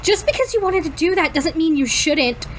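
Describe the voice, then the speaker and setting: Tearful young actress, defensive, high voice, as a woman reads her. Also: animated, moderate pace, a little hiss or hum. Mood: upset.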